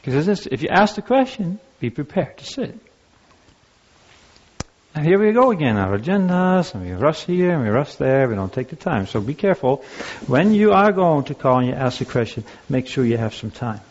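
Older man, pastor, anecdotal sermon delivery, slightly high voice, muffled lo-fi sound. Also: sing-song, normal speed, darkish tone. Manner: conversational, anecdotal, with frequent restarts. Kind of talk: sermon on grief and listening. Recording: dull lo-fi recording.

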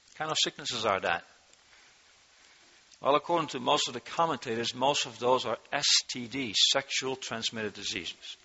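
Bright-voiced male preacher, lo-fi. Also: moderate pace, breathy edge. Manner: earnest preaching, rising in pitch and force on scripture readings. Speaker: pastor. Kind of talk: sermon.

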